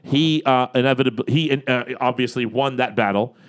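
A man hosting a podcast in casual chat, animated and joking, often acting out what others might say. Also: medium pitch, moderate pace. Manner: animated, joking, acts out quoted lines. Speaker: podcast host.

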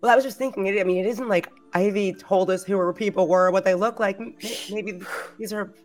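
A woman's voice: mid-range voice, fairly even intonation, brisk, a little mellow, faint music behind. A woman playing in a tabletop game, asking curious, stammering questions in character. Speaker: player.

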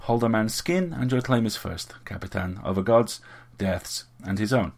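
A man's voice: lowish voice, moderate pace, vocal fry, a little mellow. A man reading an audiobook and voicing a fussy, self-assured sorceress with an affable, smug manner.

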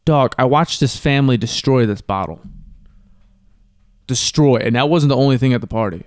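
Young ohio dude cohosting, cusses a lot, rambles, dry close sound. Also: male voice, medium pitch, normal speed, dry recording. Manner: profane, rambling storyteller. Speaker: podcast co-host. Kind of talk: casual chat.

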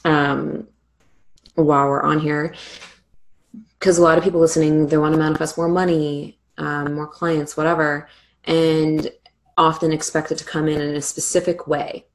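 A woman hosting a podcast, asking loose questions with many ums and giving soft backchannels. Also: deep voice, flat delivery, moderate pace, a little hiss or hum. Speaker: podcast host. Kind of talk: casual podcast interview.

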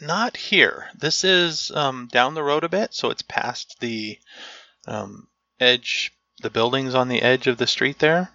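A man runs a tabletop game as game master, pausing now and then to search aloud for the right word. His voice is gravelly but bright, and he speaks slowly. The recording sounds dry and slightly dull, like a lo-fi mic. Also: medium pitch, no echo. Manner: unhurried, searches for words aloud.

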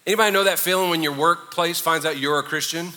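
A man's voice: a little high, quick pace, pushed and bright, big-room sound. A man preaching a sermon as a pastor, joking and conversational with the congregation.

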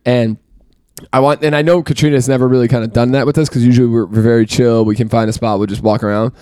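A man hosting a casual chat among friends, telling animated, teasing stories. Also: medium pitch, smooth, no room sound, clean studio sound. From from an Irish Catholic family. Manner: fast, animated storytelling, teasing. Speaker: podcast host.

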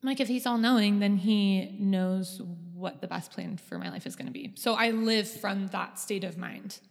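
A woman's voice: mid-range voice, very animated, moderate pace, creaky. A young woman talking casually and earnestly, with many ums and likes, as a guest in a chat. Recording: long hall reverb.

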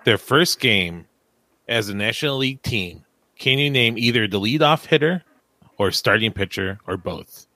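A man's voice: fairly low pitch, expressive, moderate pace, bright, forceful tone, no room sound. A man hosting a casual interview, putting a playful trivia question to his guest. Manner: playful quiz-style questioning. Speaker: podcast host asking trivia.

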